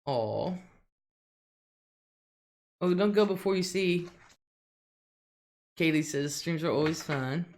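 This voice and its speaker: A woman's voice: sits low, lively intonation, slow, long pauses, a little mellow. A middle-aged woman hosting a casual livestream, reading out viewer comments and laughing often. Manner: chatty, laughs often, drawls some words. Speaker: livestream host.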